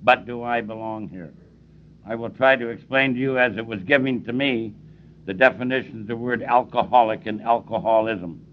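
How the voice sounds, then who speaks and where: An older man leads a recovery meeting in a plainspoken, emphatic way, hammering his points home through repetition. His voice sits at an ordinary middle pitch. The old tape is dull and muffled. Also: moderate pace, slight background noise. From Cleveland, US. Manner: emphatic, plainspoken, repeats for stress. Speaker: AA speaker.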